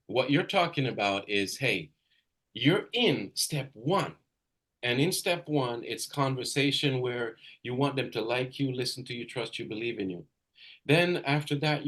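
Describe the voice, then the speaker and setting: A male sales coach leads a live training call, his pitch swinging widely as he drives each point home. He talks directly to a trainee, repeating key phrases and raising his voice for emphasis. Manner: energetic and emphatic, loud bursts of emphasis. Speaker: real estate sales coach.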